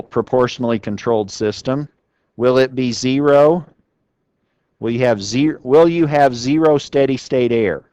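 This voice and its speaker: A man's voice: mid-range voice, darkish tone, smooth, dry recording, dull audio. A man giving a university classroom lecture, talking conversationally and putting questions to the class. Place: lecture room.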